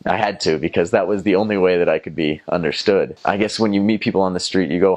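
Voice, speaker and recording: Deep-voiced Southern American young man. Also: quick pace, hardly any pauses, a little mellow. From North Carolina, USA. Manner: rambling with many fillers and restarts, mimics voices. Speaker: former missionary. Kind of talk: casual first-person storytelling.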